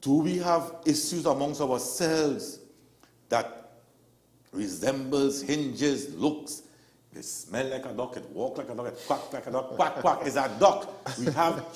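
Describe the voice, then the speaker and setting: A man from Trinidad and Tobago is a guest on a casual talk show, animatedly telling stories and acting out the people he quotes. His mid-range voice sounds reverberant.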